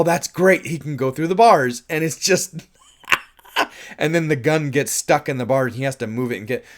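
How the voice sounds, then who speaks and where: A man reviewing a film in a casual, musing monologue, thinking aloud with restarts and laughs and briefly acting out quoted lines. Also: mid-range voice.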